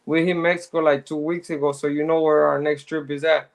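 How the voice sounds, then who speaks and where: High-voiced man hosting a laid-back stream. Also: little pitch movement, a little fast, creaky. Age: middle-aged. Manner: laid-back street slang, shout-outs to viewers. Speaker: live show host. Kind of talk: casual chat, reading out viewer comments.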